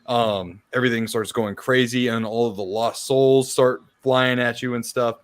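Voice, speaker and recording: A man's voice: mid-range voice, moderate pace, clean tone. Laid-back gamer man chatting. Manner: relaxed gamer talk with laughs and swearing. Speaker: podcast co-host. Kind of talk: casual chat.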